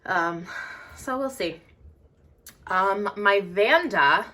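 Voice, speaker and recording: A woman with a fading, throat-clearing voice giving a rambling, casual vlog tour of her indoor grow room, with many fillers. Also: mid-range voice, expressive, drawn-out words, pushed and bright. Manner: chatty and rambling, with many fillers and self-corrections. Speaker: orchid grower and vlogger. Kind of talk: casual show-and-tell vlog. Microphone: handheld camera moved around the room.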